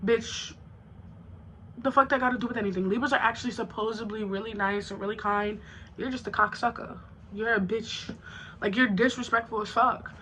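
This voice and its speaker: A woman's voice: fairly high pitch, steady tone, fairly quick, bright, forceful tone, slight background noise, poor audio. A young woman vlogger telling a storytime, blunt and profane, acting out both sides of an argument. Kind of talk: storytime vlog.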